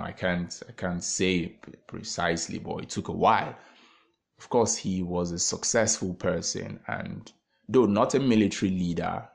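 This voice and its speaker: A man telling a parable as a motivational talk, animated, with frequent fillers and laughs. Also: low-pitched, vocal fry. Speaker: storyteller.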